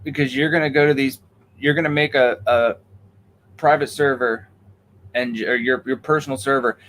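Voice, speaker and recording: Man, medium pitch, animated, casual podcast talk, faint background noise. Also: normal speed, low-quality recording. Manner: animated, acts out quoted exchanges.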